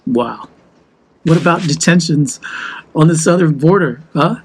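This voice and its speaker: A man's voice: fairly high pitch, unhurried, slight background noise, poor audio. A man from the United States talking heatedly and emphatically in a walk-and-talk vlog. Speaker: vlogger.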